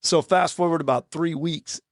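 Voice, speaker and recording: A man in his fifties, a podcast guest, telling his own story in a raw, halting way with blunt profanity. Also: a little high, fairly even intonation, dry recording, studio quality. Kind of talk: candid personal storytelling in an interview. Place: podcast studio. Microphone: studio microphone.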